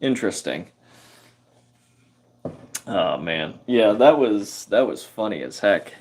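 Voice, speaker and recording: Host: a man spinning a yarn while he works, slow and unhurried, lots of fillers and self-corrections. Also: lowish voice, very animated, a little mellow, slightly rough. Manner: rambling, halting, many fillers and self-corrections; chuckles through the telling. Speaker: carpentry livestream host. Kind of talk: casual storytelling while working.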